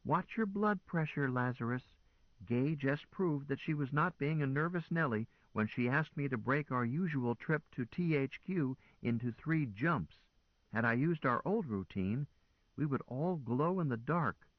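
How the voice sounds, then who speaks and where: A man voicing a calm, teasing woman commodore who gives orders with wry composure. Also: mid-range voice, unhurried, dry recording, highs cut off, voice pushed up.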